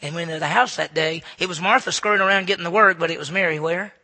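A male pastor preaching a sermon, dramatic, swinging between loud emphasis and hushed near-whispers. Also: on the high side, quick pace. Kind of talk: sermon, Bible teaching.

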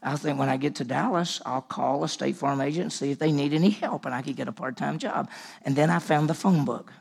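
A man's voice: on the high side, a little fast, vocal fry, darkish tone, breathy edge. A man preaching to a room, telling a personal story and acting out the dialogue, originally from Mississippi. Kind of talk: sermon storytelling. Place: large room with audience.

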